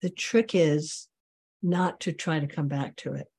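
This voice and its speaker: Slow, husky meditation teacher. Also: medium pitch, darkish tone. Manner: slow, measured, with long pauses. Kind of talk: dharma talk and guided meditation.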